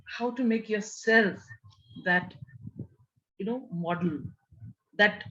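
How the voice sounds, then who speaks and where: A woman's voice: mid-range voice, takes it slowly, sharp tone. A middle-aged woman gives a motivational panel talk over a video call, quizzing her listeners and often saying "you know". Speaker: panel speaker. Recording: muffled video call audio.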